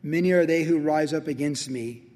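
A man preaching a sermon as a pastor, swinging from loud emphatic lines to hushed near-whispers. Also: fairly high pitch, normal speed, long reverb tail.

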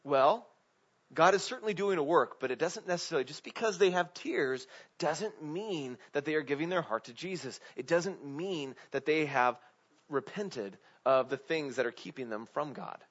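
A man's voice: on the high side, expressive, normal speed, a bit bright. A man preaching a casual sermon, asking his congregation questions and leaning on filler words. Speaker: pastor. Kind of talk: conversational sermon. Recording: dull lo-fi recording.

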